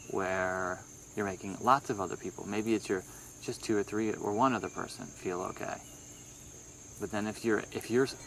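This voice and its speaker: A young man in casual conversation, thinking aloud in halting, rambling sentences full of restarts. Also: on the low side, a bit bright, a little hiss or hum. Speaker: podcast co-host, musician. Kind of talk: casual phone chat.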